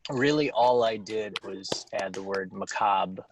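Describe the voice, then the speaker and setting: A male co-host reading a crude comic story aloud and hosting, in a deadpan, unhurried delivery. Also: lowish voice, background noise. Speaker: podcast co-host.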